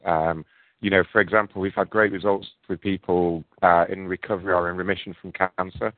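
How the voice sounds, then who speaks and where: A man's voice: low voice, little pitch movement, a little fast, dry recording. A British man on a panel talk show, speaking brusquely and condescendingly as a guest who claims to be a doctor. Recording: dry tinny phone-like sound.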